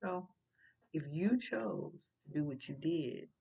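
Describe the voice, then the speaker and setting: A woman's voice: low voice, animated, slow, creaky, dark tone, breathy edge. An older woman giving casual, preachy commentary, blunt and full of rhetorical questions. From St. Louis.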